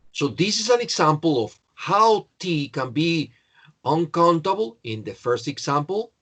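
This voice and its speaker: Slow, patient man teaching grammar. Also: a little high, a bit bright. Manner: slow, patient explaining with repetition. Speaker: English teacher.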